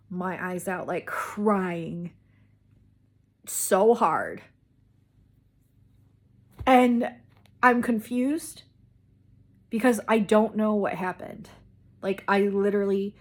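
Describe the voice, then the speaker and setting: A woman vlogger casually telling a personal story, rambling with many "like"s and restarts. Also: mid-range voice.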